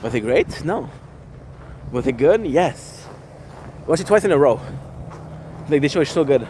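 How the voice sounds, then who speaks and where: A man's voice: fairly high pitch, expressive, a little slow, a little mellow, a little hiss or hum. A man talking casually to his camera while skateboarding outdoors in the snow, rambling and swearing as he reflects. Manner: rambling, profane, self-reflective. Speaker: vlogger. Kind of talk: casual vlog monologue. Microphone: handheld camera, self-filmed. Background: faint street ambience and passing cars.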